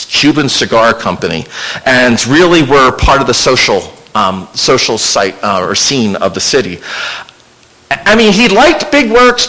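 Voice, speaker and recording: A local historian gives an informal slide talk, a man lecturing an audience on illustrated history in a conversational way with wry asides. His voice is a little high and sharp in tone, and the audio is poor.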